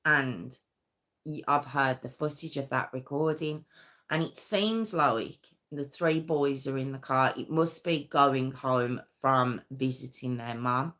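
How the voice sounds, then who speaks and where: A woman's voice: rumbling low, takes it slowly, a bit bright. A woman hosting a live true crime stream, telling the story conversationally with many fillers and restarts.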